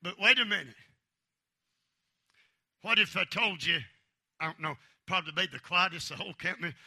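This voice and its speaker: A man preaching a revival sermon, fervently shouting, swinging between loud bursts and hushed lines, and calling on the congregation for amens. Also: sits high, moderate pace, creaky, slightly rough.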